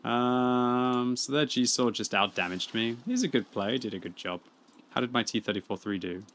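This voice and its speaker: A man, chatting and laughing through live gaming stream commentary, with excitable outbursts. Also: mid-range voice, normal speed, a little hiss or hum. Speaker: game streamer.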